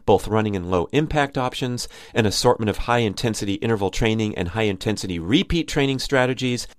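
A man's voice: lowish voice, dry recording, studio quality. A man enthusiastically reading a scripted ad for his own course. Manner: enthusiastic, salesy. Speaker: podcast host reading an ad. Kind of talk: scripted ad read.

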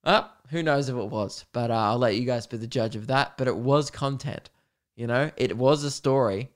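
A young man hosts his solo podcast, rambling through stories in a loose, chatty way. His voice sits at an everyday mid pitch and sounds smooth and clear. He talks in a casual style full of fillers and the odd swear word. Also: moderate pace. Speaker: podcast host.

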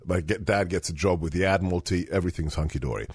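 Deep-voiced man raised in the UK, animated storyteller, dry close recording. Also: quick pace, slightly rough, no room sound. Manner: animated, laughing, mimics voices in his stories. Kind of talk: casual storytelling chat.

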